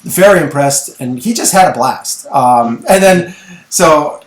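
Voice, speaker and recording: Animated storytelling man, echoey room. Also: on the high side, measured pace. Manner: animated storyteller, acts out voices in anecdotes. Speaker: podcast co-host. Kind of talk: casual chat.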